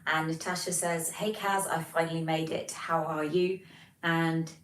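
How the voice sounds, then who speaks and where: This British livestream host has a deep yet fairly bright voice, speaking a little slowly in a steady tone. She welcomes viewers and reads out their messages in a relaxed chat full of ums, picked up by a distant mic in an echoey room.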